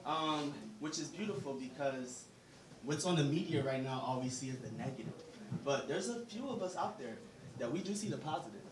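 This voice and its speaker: A man's voice: a little high, lively intonation, a little fast. A man in the audience asking a long, rambling, earnest question with fillers. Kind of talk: question from the floor. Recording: echoey venue, distant mic, crowd noise.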